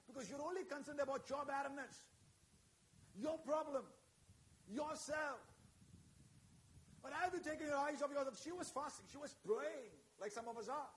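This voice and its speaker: High-voiced man preaching fervently. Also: moderate pace, long pauses. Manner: fervent, punctuates phrases with amen and hallelujah; asks the congregation questions. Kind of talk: sermon.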